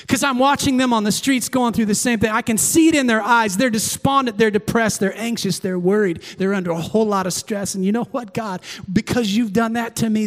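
A middle-aged man preaching a sermon as pastor in a church, swinging from excited shouts to hushed, intimate prayer. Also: sits high, brisk, few pauses, big-room sound. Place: church sanctuary.

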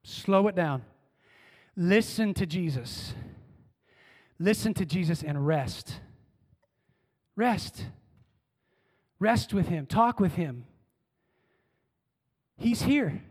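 A male pastor preaching a sermon in a church, trading calls and responses with the congregation and swinging from emphatic lines to hushed ones. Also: sits high, lively intonation, drawn-out words, pauses often. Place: church sanctuary. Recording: long church-hall reverb.

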